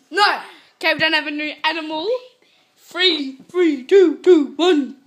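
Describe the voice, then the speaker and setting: A woman vlogging as she jokingly spots animals, excitable, going from hushed to yelling. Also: high voice, slow, slight background noise. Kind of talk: joking mock wildlife spotting.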